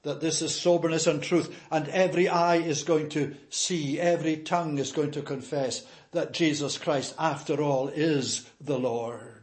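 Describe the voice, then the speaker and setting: A man preaching a sermon in a measured, emphatic way, with frequent hesitations and filler sounds. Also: fairly high pitch, steady tone.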